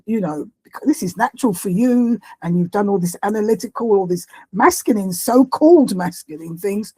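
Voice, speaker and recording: A woman interviewing a guest, gently probing and summing up the guest's story back to her. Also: medium pitch, husky. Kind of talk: conversational interview.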